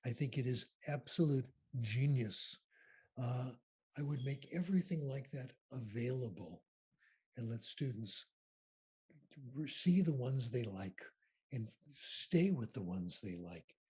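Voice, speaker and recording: Older male keynote speaker, husky and raspy, unhurried and emphatic. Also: mid-range voice, lively intonation, mellow. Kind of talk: conference question-and-answer.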